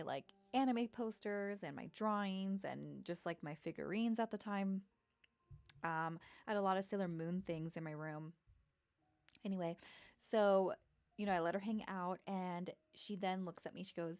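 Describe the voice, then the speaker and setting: A woman's voice: lowish voice, moderate pace, a little mellow. A woman in her thirties telling personal stories in a rambling, casual way, with many fillers and restarts. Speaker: vlogger. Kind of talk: casual storytelling.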